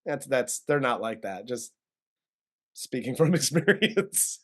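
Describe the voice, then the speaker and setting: A man's voice: mid-range voice, big pitch swings, takes it slowly. A man co-hosting a casual movie review chat, retelling the plot loosely and laughing often. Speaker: co-host film reviewer.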